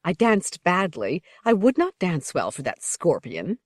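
Soft-voiced young woman dancer, a woman reading, low-pitched and dry. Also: sing-song, unhurried, breathy edge, dry recording, heavily acted. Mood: pleading.

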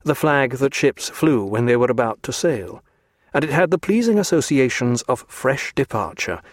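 Man, audiobook narrator, measured even delivery, mid pitch, dry close-miked sound. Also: no room sound. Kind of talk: scripted narration.

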